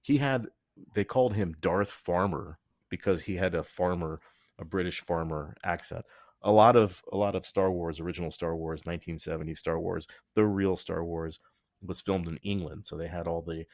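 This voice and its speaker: A man with a very low, deep voice hosts a podcast, talking in a loose, rambling, joking way that often trails off and restarts. The sound is close and dry, with no room sound around him. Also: normal speed, a little mellow, no room sound. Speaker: podcast host. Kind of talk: casual chat.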